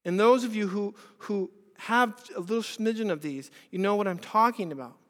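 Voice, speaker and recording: A pastor preaching an earnest sermon at a church service, asking many rhetorical questions and moving between loud and hushed delivery. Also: male voice, high voice, moderate pace. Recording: reverberant hall.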